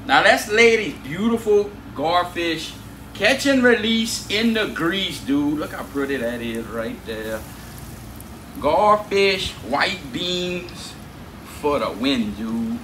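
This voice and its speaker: A man's voice: on the high side, expressive, slow pace, long pauses, sharp tone, echoey room, slight background noise, rough recording. A man with a Cajun Louisiana accent, hosting a cooking video in a laid-back drawl. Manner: laid-back drawl, says "dude" a lot. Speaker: cooking channel host.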